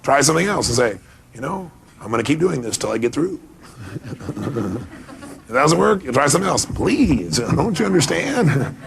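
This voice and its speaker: A man's voice: medium pitch, very animated, normal speed, creaky, long pauses, a crowd in the background. A man giving a motivational seminar talk, pressing the audience with emphatic rhetorical questions. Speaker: motivational speaker.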